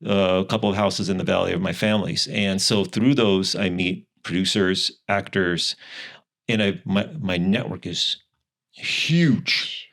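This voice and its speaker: A man's voice: deep voice, flat delivery, normal speed, creaky, fairly bright tone. A man hosting a podcast in casual interview chat who rambles and veers off topic. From Los Angeles area. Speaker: podcast host.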